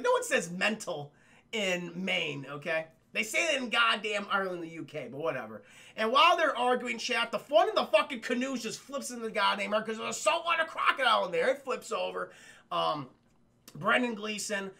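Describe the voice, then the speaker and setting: Gravelly high-voiced man recapping a film. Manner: profane, rambling, acts out lines and laughs loudly. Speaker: streamer reviewing a film for his chat. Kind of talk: casual spoiler recap to live chat.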